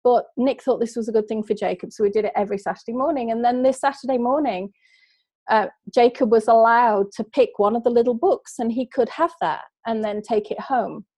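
A woman's voice: fairly high pitch, brisk, a little mellow, breathy edge, no room sound. A middle-aged woman, a guest who tells a personal story in an earnest, heartfelt way. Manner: earnest, heartfelt, emotional retelling. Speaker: guest, business coach.

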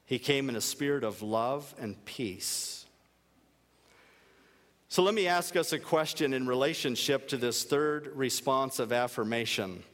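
A man's voice: mid-range voice, measured pace, fairly bright tone, long reverb tail. A male pastor delivering a sermon in an earnest, emphatic way, repeating key phrases for weight.

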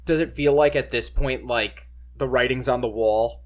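A man's voice: medium pitch, normal speed. A man co-hosting a casual sports podcast, rambling and leaning on "like" and "you know". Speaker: podcast co-host.

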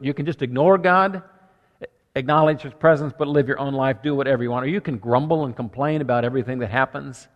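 A man's voice: mid-range voice, quick pace, big-room sound, highs cut off. A man preaching a sermon as pastor, earnest and conversational, working through numbered points.

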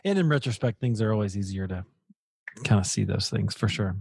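A podcast host asking questions in a conversational interview, with warm, encouraging replies. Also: deep voice, lively intonation, fairly quick, creaky, husky, dry recording, studio quality.

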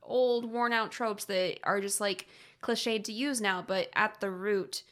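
Animated young woman podcast co-host. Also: medium pitch, unhurried. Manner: animated, swearing, laughing often. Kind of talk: casual chat.

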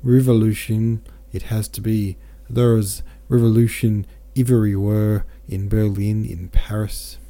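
A man puts on a stubborn young labourer with a slow, rough country drawl, pitched a touch higher and louder than a plain reading. The voice underneath stays deep, dark and gravelly. It fits a storybook read aloud. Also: level tone. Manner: slow, drawling dialect speech.

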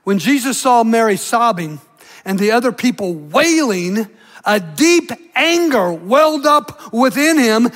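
A male pastor delivers a sermon in a notably high-pitched voice. He surges into impassioned declarations, then drops to hushed, intimate asides. The sound carries the long reverb of a large hall. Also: lively intonation, unhurried.

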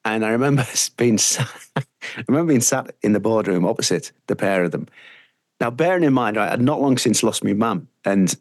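A middle-aged Teesside man rambles through career stories, restarting sentences with plenty of fillers. His voice sits low, and the recording is dry and close. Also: lively intonation, a little fast, dry recording. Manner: rambling, anecdotal, frequent fillers. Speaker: radio presenter, guest. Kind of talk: casual interview storytelling.

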